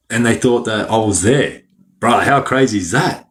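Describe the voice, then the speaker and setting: A man's voice: fairly low pitch, normal speed. A man, telling stories as a podcast guest in a rambling, slang-filled way that is broken up by frequent laughs. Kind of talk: casual storytelling.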